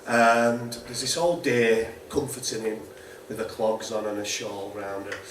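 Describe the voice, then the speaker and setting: A man introducing a song at a folk club, halting and repeating words as he talks, then singing. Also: on the low side, steady tone, background noise. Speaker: folk singer. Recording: echoey live room, distant mic, loud guitar.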